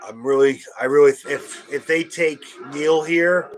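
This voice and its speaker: A young man reacting live as a nervous fan, talking anxiously and excitedly and repeating himself. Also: a little high, a little slow, a little hiss or hum, poor audio. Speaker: fan host reacting to draft.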